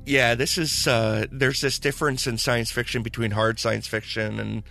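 A man co-hosting a casual film review chat, speaking in a hesitant, halting way with many pauses. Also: medium pitch, fairly even intonation, vocal fry, sharp tone, soft background music. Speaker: podcast co-host.

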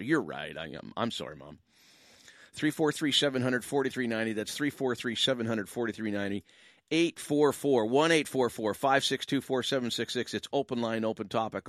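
A man's voice: mid-range voice, fairly bright tone, dry recording, studio quality. A Canadian man hosting a call-in talk radio show as a pastor, chatting in a joking, rambling way with lots of asides.

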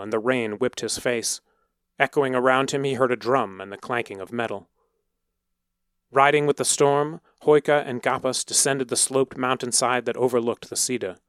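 A male storyteller reading with a measured, dramatic delivery at a mid pitch. The recording is close and dry, with no room sound. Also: fairly bright tone, dry recording. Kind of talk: scripted narration.

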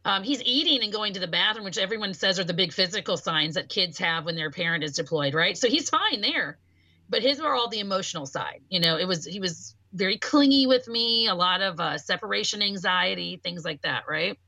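A woman in casual podcast conversation, telling a personal story in an animated way and voicing the people she quotes. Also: mid-range voice, a little fast, no echo. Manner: voices quoted speech. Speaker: podcast talker.

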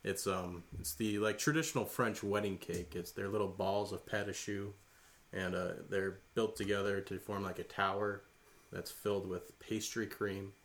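Low gravelly guy co-hosting, chatty, lots of ums. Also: fairly even intonation, normal speed, a bit bright, slight background noise. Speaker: radio show co-host. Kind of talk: casual chat.

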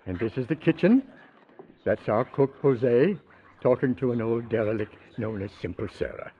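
A man's voice: mid-range voice, expressive, normal speed, slightly rough. An actor playing a genteel, earnest man who runs a charity house, in 1940s radio acting style. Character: pious male charity house owner. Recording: tinny old radio broadcast.

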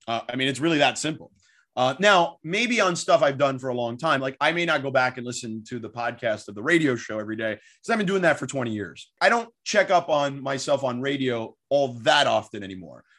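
A man's voice: medium pitch, a little fast. A man in his forties, a sports broadcaster, telling stories in a casual, rambling interview with lots of fillers. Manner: animated, rambling storyteller with frequent fillers.

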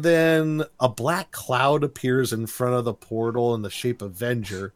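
A man's voice: mid-range voice, unhurried, hardly any pauses. A man chatting casually on a podcast, retelling a cartoon episode with laughs and silly quoted voices. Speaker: podcast co-host recapping a cartoon. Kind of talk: casual chat.

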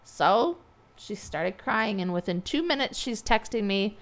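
A woman's voice: mid-range voice, lively intonation, measured pace. A middle-aged woman from the United States, co-hosting a podcast in casual chat, telling stories with laughter and acting out quoted lines. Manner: chatty storyteller, laughs and acts out quotes. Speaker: podcast co-host.

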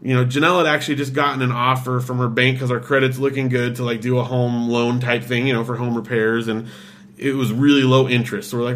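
A man's voice: medium pitch, little pitch movement, a bit bright. A man in casual chat, animatedly retelling a story and acting out the voices of the people in it, with lots of "like" fillers. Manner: fast, filler-heavy with "like".

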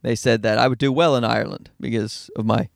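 Middle-aged Newfoundland comic, rapid-fire and self-mocking, dry close-up sound. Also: male voice, mid-range voice, steady tone, vocal fry, no echo. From Newfoundland, Canada. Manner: fast-talking, profane, self-deprecating. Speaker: stand-up comedian, podcast host. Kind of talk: casual rambling monologue. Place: in a car.

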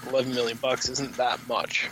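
A man's voice: medium pitch, level tone, moderate pace, background noise. A man co-hosting a podcast, giving movie opinions in a wry, incredulous way. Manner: wry and incredulous, with frequent laughs. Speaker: podcast co-host. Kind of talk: casual movie review chat.

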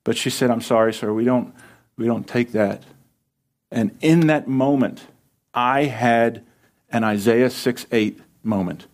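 A middle-aged man, a pastor, telling a personal story in a sermon in an earnest, conversational way, often dropping soft and quiet. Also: mid-range voice, unhurried.

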